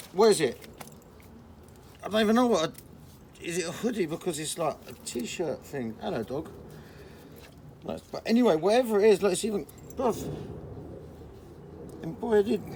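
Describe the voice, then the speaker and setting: A young man, chatting casually and excitably on a vlog, full of slang. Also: a little high, slight background noise. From England. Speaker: vlogger.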